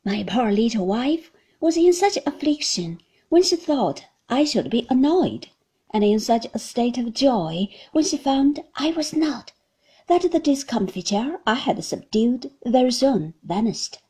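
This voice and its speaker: Brief: expressive female audiobook narrator, mellow and breathy. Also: on the high side, unhurried. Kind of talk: scripted narration.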